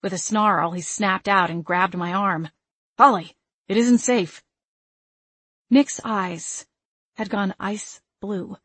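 A woman reads a first-person novel aloud with an expressive, emotional delivery. Her mid-range voice sits close and dry on the mic, with almost no room sound. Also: medium pitch, slow pace, husky, dry recording. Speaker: audiobook narrator.

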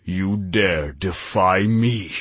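A man voicing a cruel ancient archangel who speaks slowly, with cold disdain. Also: deep voice, fairly bright tone, slightly rough, dry recording, full character voice. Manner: slow, measured, disdainful.

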